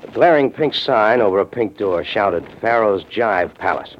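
In 1940s radio acting, an actor plays a hard-boiled American man narrating his own case, dry and wisecracking, as narrator and lead. His voice is fairly low, lively in intonation, lightly acted, at normal speed. The dull old radio recording has a little hiss or hum, with music behind.

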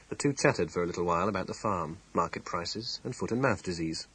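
Husky, expressive male storyteller. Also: low voice, a little fast, hardly any pauses, rough recording. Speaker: audiobook narrator. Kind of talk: scripted narration.

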